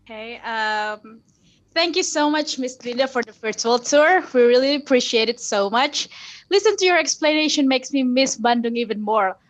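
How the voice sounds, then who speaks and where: A woman's voice: a little high, expressive, normal speed. A woman closing an online course as master of ceremonies, with formal, cheerful thanks and small self-corrections, heard over a video call. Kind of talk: scripted online event closing. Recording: muffled video call audio.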